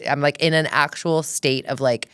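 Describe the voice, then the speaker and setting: A woman's voice: deep voice, steady tone, moderate pace, a bit bright, clear, resonant tone, no echo, studio quality. A middle-aged woman hosting a podcast in casual chat. She talks loosely with lots of "like" and acts out her own quoted thoughts. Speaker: podcast host.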